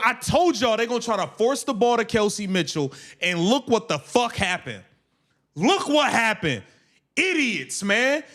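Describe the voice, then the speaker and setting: A man hosting a live game watch-along stream, ranting angrily and swearing at the team. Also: extremely high pitch. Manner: angry, profane, shouting rants. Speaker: livestream host.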